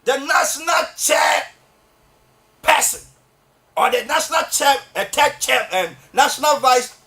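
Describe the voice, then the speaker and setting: Brief: Ghanaian male political host, very high-pitched and sharp, fervent, shouting scolds. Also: lively intonation, unhurried. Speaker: political talk show host. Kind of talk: fiery political commentary. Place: radio or TV studio.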